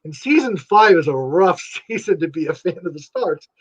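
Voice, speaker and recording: Animated high-voiced man, rambling excitedly. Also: normal speed, lo-fi sound. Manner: animated and rambling, full of fillers, swings pitch for emphasis. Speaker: guest writer. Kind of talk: enthusiastic casual interview chat.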